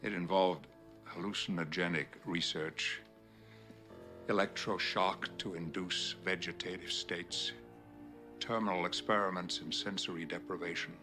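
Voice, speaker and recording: A cold, clinical scientist behind secret experiments in a film scene. His voice sits very low and his delivery is slow and measured. Loud music plays under the dialogue. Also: fairly even intonation. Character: cold older male scientist behind mind-control experiments. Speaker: film character.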